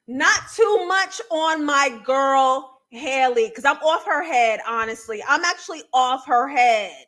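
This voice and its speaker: A young woman hosts a live recap show and breaks down a TV episode scene by scene. Her voice sits high, and she takes her time, leaning hard on key words with animated emphasis. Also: unhurried, few pauses. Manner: animated, emphatic, laughing and near tears at times. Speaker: TV recap host.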